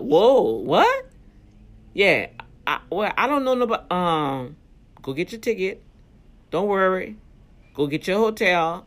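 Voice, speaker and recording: A woman co-hosting a faith podcast, speaking emphatically and encouraging with "come on" replies. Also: on the low side. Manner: emphatic, call-and-response encouragement. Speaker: podcast co-host. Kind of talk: casual faith chat, preaching.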